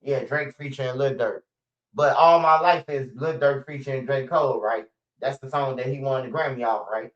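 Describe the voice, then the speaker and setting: A man's voice: medium pitch, steady tone, moderate pace, a bit bright. A man from Chicago with a Chicago accent, hosting a livestream and giving blunt, profane street-talk commentary. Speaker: livestream host. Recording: muffled lo-fi stream audio.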